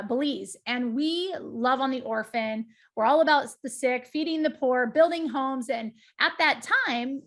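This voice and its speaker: A high-pitched middle-aged woman speaks as a guest at a meetup. She tells her story with emphatic, lively energy and keeps turning to address her listeners directly.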